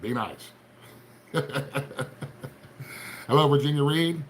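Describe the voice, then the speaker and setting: A middle-aged livestream host from Appalachian Ohio, speaking with an Appalachian accent, chats casually and greets viewers by name in a folksy, rambling way. His voice is a little high and he takes it slowly, with a little hiss or hum in the audio.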